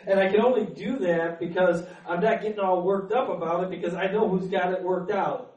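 A man's voice: sits high, steady tone, brisk, a little mellow, muffled recording. A man preaching a sermon as pastor, earnest, stumbling over repeated words and then building up with fervor. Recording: echoey room, mic at a distance.

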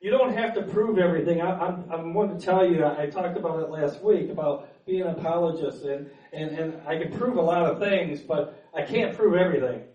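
A man's voice: on the high side, a little fast, few pauses, warm tone, dull audio. A man preaching a sermon as pastor, earnest, stumbling over repeated words and then building up with fervor. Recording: echoey room, mic at a distance.

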